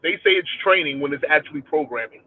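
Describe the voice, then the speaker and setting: A man speaking in a casual podcast chat, halting and stammering as he restarts his sentences. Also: fairly high pitch, breathy edge. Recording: dry, tinny phone-line sound.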